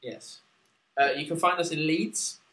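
A man from England co-hosts a casual podcast, chatty and quick to giggle as he plugs the show. His voice sits a little high and sounds bright and forceful. The studio mic catches a roomy echo. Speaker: podcast co-host. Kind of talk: casual chat. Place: small room with studio gear. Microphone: studio microphone.

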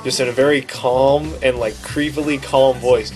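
A man co-hosting a podcast, telling a story in casual chat with an animated, self-deprecating manner. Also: medium pitch, moderate pace, hardly any pauses, music in the background. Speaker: podcast co-host.

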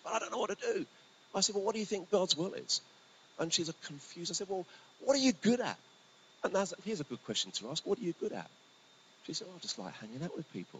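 A male pastor preaching a sermon in a conversational, storytelling way, his voice swinging between lively bursts and hushed asides. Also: medium pitch, low-quality recording. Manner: conversational, animated, often drops to a hushed voice. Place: church hall. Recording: faint hiss.

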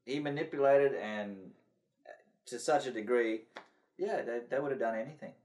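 A man's voice: mid-range voice, moderate pace, a little mellow. A man co-hosting a podcast in rambling, profane casual chat, padded with fillers. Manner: rambling and profane, full of "you know" fillers. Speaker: podcast co-host.

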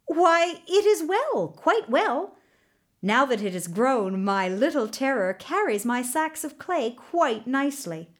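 A humble potter , voiced by a woman storyteller, earnest and stubborn, pitched high with a lively lilt. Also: slow pace, exaggerated voice.

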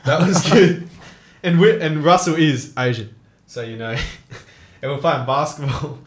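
A man's voice: a little high, measured pace, roomy sound. A young man telling stories in casual chat, laughing and swearing often. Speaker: co-host.

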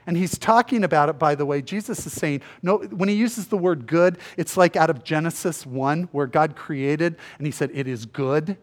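A male pastor giving a conversational sermon, acting out the people in the story in quick voices. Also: fairly high pitch. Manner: conversational, acts out biblical dialogue in voices.

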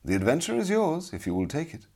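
A man voicing a gracious, commanding king in a storybook, speaking in a measured way. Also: a little high, huge pitch swings, darkish tone, voice pushed up, heavily acted.

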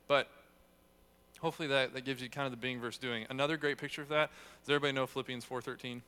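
A man's voice: mid-range voice, steady tone, rapid-fire, pushed and bright, clean tone. A young man giving a casual, conversational sermon, telling stories with self-deprecating humor. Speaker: youth speaker.

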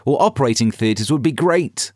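A man hosting a scripted satirical news comedy podcast with a sarcastic, deadpan delivery. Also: medium pitch, normal speed.

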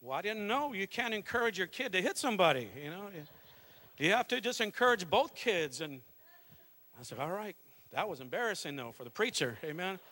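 Fervent pastor guy, high ringing voice, preaching and telling stories. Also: lively intonation, a little fast, pushed and bright. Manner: fervent, conversational storytelling. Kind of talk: Pentecostal sermon.

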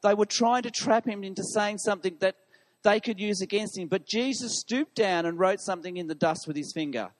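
A man's voice: sits high, a little fast. A man preaching a sermon to his congregation, putting questions to the listeners. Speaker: pastor. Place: church hall. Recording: long reverb of a large hall.

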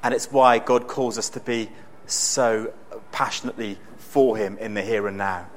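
A man preaching a sermon in a conversational, storytelling way with bursts of excitement. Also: lowish voice, normal speed.

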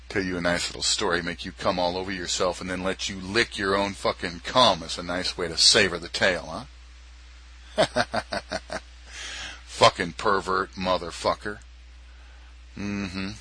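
Husky, forceful low-voiced man taunting. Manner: taunting, crude and sneering, with frequent chuckles. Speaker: podcast host. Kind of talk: explicit adult audio monologue.

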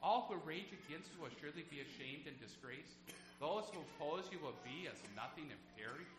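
A man's voice: fairly high pitch, lively intonation, fairly quick, over music. A man preaching a sermon to his congregation as pastor, earnest and asking them questions. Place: church sanctuary. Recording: echoey church with background hum.

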